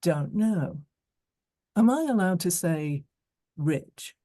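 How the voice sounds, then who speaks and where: A lazy, smug posh young man, as a woman narrator puts him on, offhand and drawling. Lower and mellow, slow, in a dry close recording. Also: animated, dry recording.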